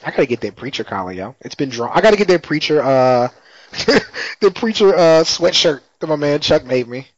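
Pitched fairly high with lively intonation, he talks a little fast while loosely recounting a TV episode in slangy chat, with laughs throughout. No echo, but the lo-fi sound is dry and a touch muffled.

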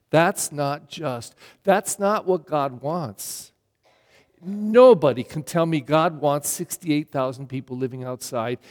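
Middle-aged man, pastor, blunt emphatic sermon, fairly high voice, long church reverb. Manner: blunt, emphatic preaching with rhetorical questions. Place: church during Mass.

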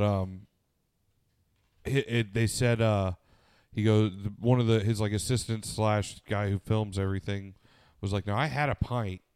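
A man's voice: on the low side, a little mellow, clean tone, no room sound. A man co-hosting a casual podcast, telling a long story with lots of swearing and fillers, tired and sniffly. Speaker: podcast co-host.

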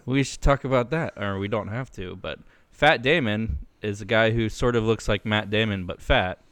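A man's voice: on the low side, normal speed, a bit bright, clear, resonant tone, no echo. A man co-hosting a podcast in easygoing casual chat, teasing his friend and laughing along. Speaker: podcast co-host.

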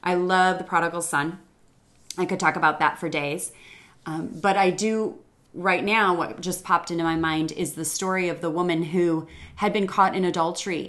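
A middle-aged woman hosting a faith-based podcast, talking in an earnest, reflective monologue with a few hesitant pauses. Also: fairly low pitch, fairly bright tone. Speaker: podcast host.

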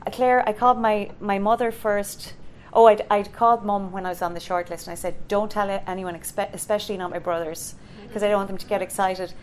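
A woman's voice: mid-range voice, brisk. Irish woman, middle-aged, chatty storyteller, lots of ums, acts out the voices. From Ireland. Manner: animated, acts out quoted voices, many fillers. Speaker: conductor and composer, guest. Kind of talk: storytelling in a live interview.

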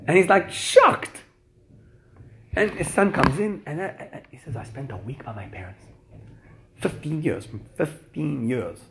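A man telling a long personal story in a casual, animated way, acting out the people he quotes. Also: normal speed. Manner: animated storyteller, acts out quotes with big pitch jumps. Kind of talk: storytelling talk. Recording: noisy recording.

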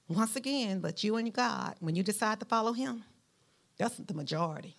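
A woman with a Southern Alabama drawl preaching a sermon, folksy and emphatic, talking straight to her congregation. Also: gravelly. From Mount Vernon, Alabama, US. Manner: animated preaching with a lively pitch, rising to emphatic peaks; folksy, speaks directly to the congregation.

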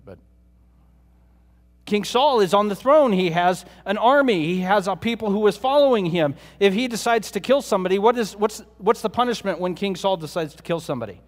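A man with a high voice delivers a sermon, talking to his listeners in a conversational way and asking them rhetorical questions. His voice rings with a long reverb, as if heard in a large hall. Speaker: preacher.

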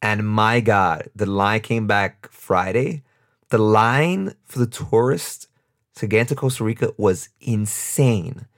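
Chatty New York man, low voice. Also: slow pace. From United States, New York. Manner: rambling, off-the-cuff, chatty, laughs often. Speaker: podcast host. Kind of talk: casual solo podcast monologue.

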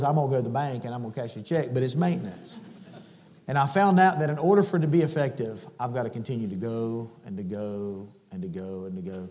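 A man preaching a sermon in a church, shifting between folksy storytelling and loud, high-pitched exhortation. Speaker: guest preacher. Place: church sanctuary. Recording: church hall reverb.

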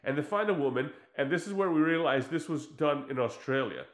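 A man's voice: fairly high pitch, brisk, roomy sound. A man in casual podcast chat, retelling a story with mockery and frequent laughter. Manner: animated storytelling, mocking, laughs often.

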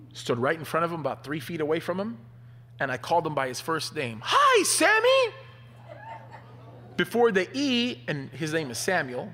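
A man preaching a sermon, telling stories in an animated way. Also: fairly high pitch. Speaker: pastor. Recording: long hall reverb.

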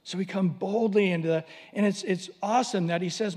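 High-voiced preacher in a big hall. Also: male voice, brisk. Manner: animated storytelling with acted voices. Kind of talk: sermon.

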